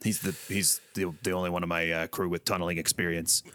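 A man improvising an earnest, rambling treasure hunter in a comedy scene, deadpan and agreeable. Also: low-pitched, fast talker, no echo, clean studio sound. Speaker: library club leader.

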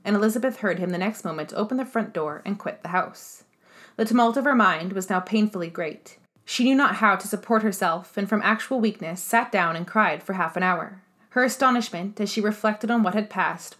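A woman's voice: medium pitch, fairly quick, fairly bright tone. Woman narrating a classic novel. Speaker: audiobook narrator. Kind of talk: scripted narration.

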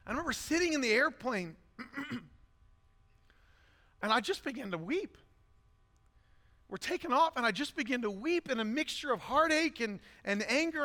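High, bright-voiced preaching man in a hall. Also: moderate pace. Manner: blunt, intense, rising to shouts. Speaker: pastor. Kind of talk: sermon. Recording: long hall reverb.

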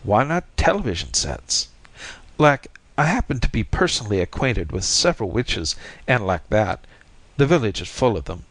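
A man's voice: on the low side, very animated, moderate pace, a bit bright, no echo. A man reading as a young bearded beatnik poet-repairman, cocky and slangy, with a self-assured drawl. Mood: ominous, confident.

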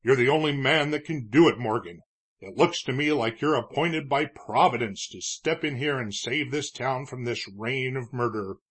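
A man's voice: mid-range voice, moderate pace, fairly bright tone, slightly rough. A man voicing an elderly, shrewd town judge who speaks in an earnest, pleading way. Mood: urging. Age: older.

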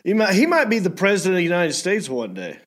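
Chill podcast host guy, pretty high voice, laughs along a lot. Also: wildly swooping pitch, quick pace, a bit bright. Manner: easygoing, laughs along, short reactions. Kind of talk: casual interview chat.

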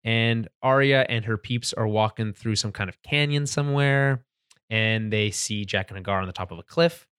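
A man's voice: lowish voice, moderate pace, a bit bright, smooth, no echo, clean studio sound. A man co-hosting a podcast, chatting casually about a TV episode, laughing often and restarting sentences. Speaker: podcast co-host. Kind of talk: casual chat recapping a TV episode.

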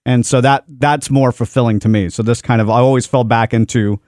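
A man's voice: medium pitch, fairly even intonation, brisk, darkish tone, no room sound. Laid-back man, dry studio sound. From Dallas, Texas. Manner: easygoing, self-deprecating jokes. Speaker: studio owner and podcast guest. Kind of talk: casual podcast interview. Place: podcast studio.

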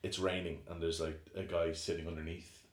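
Low-voiced man chatting in an echoey room. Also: fairly quick. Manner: rambling, restarts often, animated when retelling film scenes. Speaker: podcast co-host. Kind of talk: casual chat.

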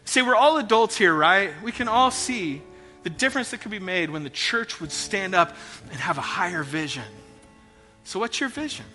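Pastor guy preaching, high sharp voice, bold and chatty, big reverby church, soft music under. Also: lively intonation, normal speed. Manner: earnest, conversational, bold. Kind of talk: sermon. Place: large church auditorium. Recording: long hall reverb with faint music.

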